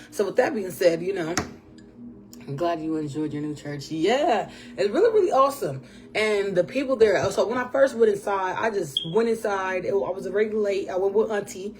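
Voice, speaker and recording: A woman hosting her own podcast alone, chatting casually about faith in a rambling way, often clearing her throat and with a voice that often sounds strained. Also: medium pitch, lively intonation, normal speed. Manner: churchy phrases, talks to absent guest. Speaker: podcast host.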